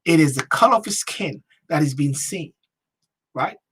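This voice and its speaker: A man hosts a late-night talk show, speaking in an emphatic, repetitive monologue. His voice is husky and slightly rough, and his pitch swings widely from phrase to phrase. Each point is hammered home rhetorically. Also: animated, normal speed, a bit bright. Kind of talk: opinion monologue.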